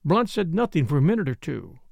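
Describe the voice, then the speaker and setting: A man reading a novel aloud in a measured, expressive narration. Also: a little high, creaky, no room sound. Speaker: audiobook reader. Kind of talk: scripted narration.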